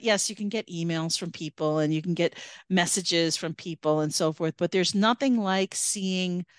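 A woman author hosts a podcast in a relaxed, talkative way, often restarting her sentences. Her voice sits a little low. The sound is dry and close, with no room around it. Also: no echo. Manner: talkative, many restarts and self-corrections. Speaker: podcast host. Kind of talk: casual chat.

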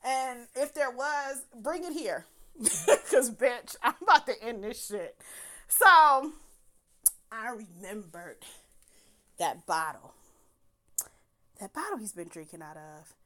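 Young woman, casual storyteller; foul-mouthed, animated, laughs a lot. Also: medium pitch. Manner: profane, animated, laughs often.

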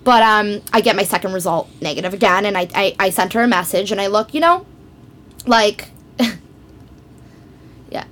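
A woman guest on a podcast, telling a story in casual chat, animated and self-mocking with frequent laughs. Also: mid-range voice, unhurried, long pauses, a little hiss or hum.

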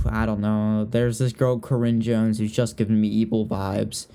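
Slow and mellow, this young podcast host from Richmond, Virginia speaks in a lowish voice with little pitch movement. His casual chat is gossipy and talkative, and he frequently trails off and restarts.

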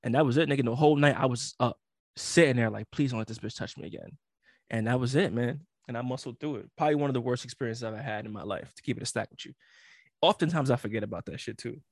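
Brief: young man, mid-pitched, dry close sound, slangy and animated, acts out every quote. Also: quick pace, dry recording. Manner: slangy, animated storytelling with frequent laughs and acted-out quotes. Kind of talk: casual chat.

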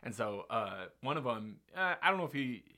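A man's voice: medium pitch, very animated, moderate pace, bright, forceful tone. A man hosting a podcast, telling a long story in a casual, rambling way with lots of fillers and restarts.

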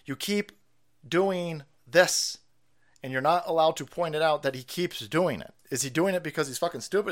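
A man hosting a live stream, ranting with profanity and sarcasm. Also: a little high. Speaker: host. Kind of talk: live-stream political rant.

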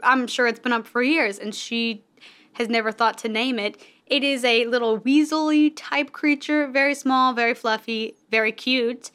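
A woman's voice: on the high side, steady tone, normal speed, a bit bright, clear, resonant tone. A woman hosting a podcast, talking in a rambling, playful, self-amused way. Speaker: podcast host. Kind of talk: casual podcast monologue.

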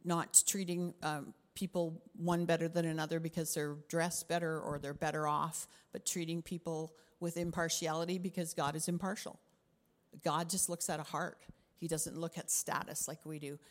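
A middle-aged Canadian woman pastor preaches a sermon in a large hall, her voice low-pitched and at a normal speed. She is expressive, at times dropping to a whisper for emphasis.

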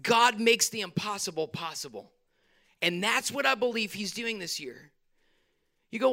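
A male pastor, preaching a sermon in a church hall with animated bursts and quick asides. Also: high-pitched.

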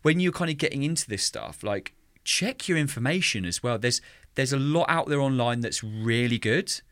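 Speaking at a normal pace with a medium-pitched voice, a man co-hosts a casual podcast and enthuses about music teaching. He animatedly scats drum beats aloud. The studio sound is clean, with no room sound.

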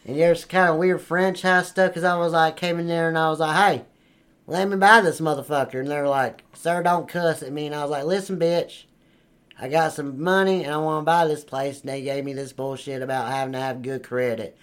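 A man's voice: on the high side, fairly even intonation, brisk, a bit bright, clear, resonant tone, lightly acted. A man playing a crude boastful trailer park guy. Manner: profane, boastful, rambling. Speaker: comedy character. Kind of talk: improvised comedy sketch.

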